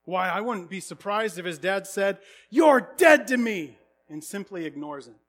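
A snide small-town busybody, as a man puts the voice on, chattering in a scandalized tone. The voice sits well above the narrator's own and comes out loud and sharp. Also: high voice, lively intonation, normal speed, pitched above the performer's own voice.

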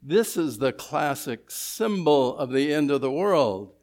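A pastor with a fairly high, expressive voice preaches an expository sermon at a slightly slow pace. He poses rhetorical questions to his congregation and alternates between emphatic and hushed delivery.

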